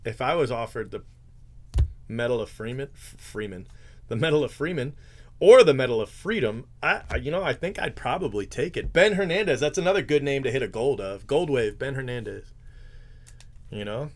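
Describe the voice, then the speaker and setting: A man's voice: mid-range voice, lively intonation, normal speed, fairly bright tone. A man hosting a live card break, chatting casually, joking and tripping over his words as he reads out player names. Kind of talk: casual live-stream chat.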